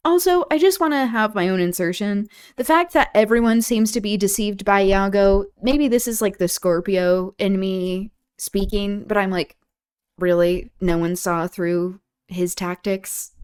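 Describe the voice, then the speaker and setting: A woman's voice: mid-range voice, unhurried, darkish tone, clean tone, no echo, clean studio sound. Blunt, irreverent woman book club host. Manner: irreverent, blunt, frequent fillers, swears freely. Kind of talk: casual reading and commentary on a livestream.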